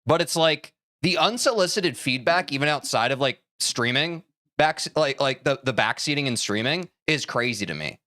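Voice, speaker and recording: A man's voice: medium pitch, expressive, moderate pace, sharp tone, no echo, studio quality. A man streaming a game, talking casually to his chat in a rambling, self-interrupting, opinionated way.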